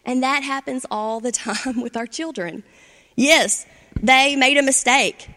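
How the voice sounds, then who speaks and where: A woman's voice: sits high, measured pace, bright, forceful tone, big-room sound. A woman giving an instructional talk on parenting, conversational and often checking in with "right?" and "okay?".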